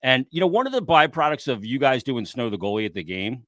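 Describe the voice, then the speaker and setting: A man's voice: medium pitch, fast talker, no room sound. A man hosting a sports podcast with a mid-range voice that swings up and down as he talks. He sounds chatty and eager. The recording is dry, with no room sound. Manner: lively, chatty, opens with an announcer-style intro. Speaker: podcast host. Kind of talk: casual sports talk show.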